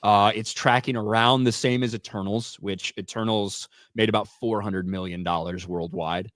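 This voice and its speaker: A man's voice: fairly low pitch, fairly even intonation, moderate pace, fairly bright tone, no echo, clean studio sound. A young man co-hosting a casual podcast chat, blunt and dismissive, swearing freely. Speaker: co-host.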